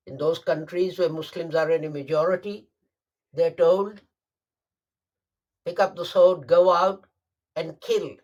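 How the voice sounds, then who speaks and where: A man delivering a Friday sermon, emphatic and deliberate, repeating phrases for stress. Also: fairly high pitch. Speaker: preacher.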